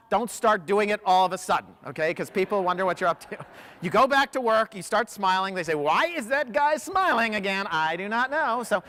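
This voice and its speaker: A man's voice: high-pitched, sharp tone. A man giving a motivational keynote to a large audience, telling stories with animation and quizzing the crowd. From United States. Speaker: professional speaker. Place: large hall. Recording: long hall reverb.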